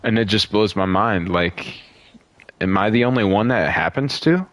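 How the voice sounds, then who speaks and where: A man's voice: on the low side, normal speed, fairly bright tone. A young man streaming a zombie shooter and chatting casually with a friend, rambling, swearing freely and laughing often. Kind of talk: casual gaming chat.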